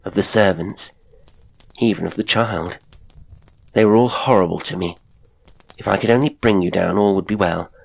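A man narrating a Victorian story in a measured, grave and deliberate way. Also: deep voice, vocal fry. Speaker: audiobook narrator.

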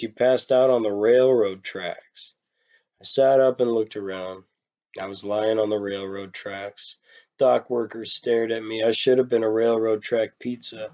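Low-voiced man reading a story. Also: darkish tone, muffled recording. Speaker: reader. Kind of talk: reading a short story aloud.

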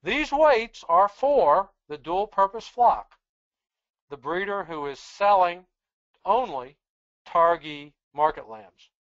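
Brief: measured lecturer, plain talk, mid pitch, dull dry audio over a computer mic. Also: expressive, a bit bright, no room sound. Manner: measured, explanatory, plain-spoken. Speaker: presenter on sheep breeding genetics. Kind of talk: webinar lecture with slides.

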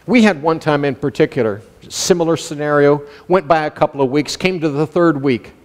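Male pastor, high voice, emphatic sermon delivery, long hall reverb. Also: a little fast. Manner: emphatic, calls out to the congregation.

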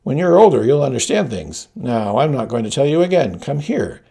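A man voicing an anxious young queen, pleading and commanding in a gravelly voice. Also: medium pitch, big pitch swings, normal speed, warm tone, exaggerated voice.

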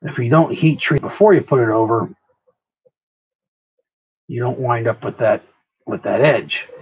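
Talking to his viewers as he works on a craft, a channel host and prop maker rambles and cracks jokes in relaxed workshop banter. He speaks a bit slowly in a breathy, mid-range voice, with the high frequencies cut off.

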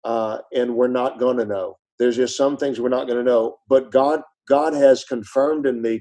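Middle-aged man, pastor-storyteller, earnest, dark mellow tone, conversational sermon delivery. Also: steady tone, normal speed, hardly any pauses, low-quality recording. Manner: earnest storyteller, voice drops low and soft in grief. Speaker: pastor and author, podcast guest. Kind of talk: conversational preaching.

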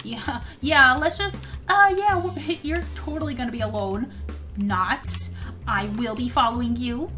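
A woman's voice: a little high, unhurried, bright, forceful tone, soft background music. A woman hosting a game role-play video, playing a kid and reacting dramatically with gasps and exclamations. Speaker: gaming channel host.

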